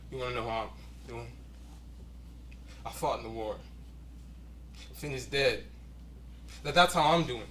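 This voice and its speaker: A man's voice: medium pitch, fairly bright tone, far from the mic, slight background noise, lightly acted. A man acting a stage monologue as a grieving young man still waiting for a lost love, speaking with bitterness and longing. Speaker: acting student. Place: acting studio room.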